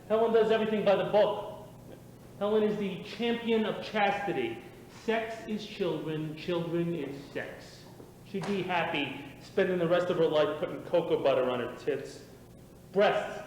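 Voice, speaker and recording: A man's voice: fairly high pitch, a little mellow, close to an everyday voice. Male actor as a sardonic middle-aged ex-teammate, live theater recording with long reverb and faint noise. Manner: dry, sardonic wisecracks. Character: wry middle-aged former teammate, dry and cynical. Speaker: stage actor. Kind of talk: live stage play acting. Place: small theater stage. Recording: echoey theater stage, distant mic.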